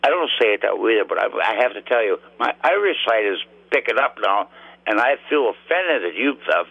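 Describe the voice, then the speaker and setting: Gravelly male caller, muffled phone line. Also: lowish voice, lively intonation, fairly quick, no room sound. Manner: mock-offended, joking.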